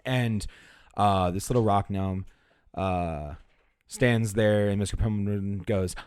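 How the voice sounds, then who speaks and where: Male game master, hesitant narrator, low, dry. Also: fairly even intonation, slow pace, darkish tone, clear, resonant tone, no echo. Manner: hesitant, many fillers and restarts.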